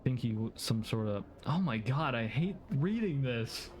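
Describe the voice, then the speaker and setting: A man's voice: medium pitch, animated, a little mellow, a little hiss or hum. A man streaming a game, talking casually with many halts, restarts and fillers. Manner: halting, stammering, lots of fillers.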